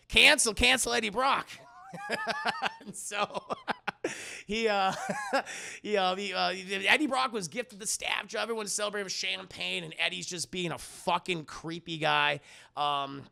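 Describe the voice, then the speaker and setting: A man talking to his stream chat in a high, bright voice with a strong gravelly fry. He retells film scenes in a loose, profane, excitable way and acts out the characters' lines. He sits close to his microphone. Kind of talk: casual livestream commentary with chat. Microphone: close desk microphone.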